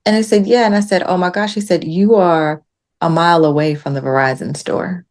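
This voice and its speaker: A woman guest on a podcast, telling a story in casual chat and acting out the quotes with lively jumps in her voice. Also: on the low side, brisk. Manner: animated retelling with acted-out quotes.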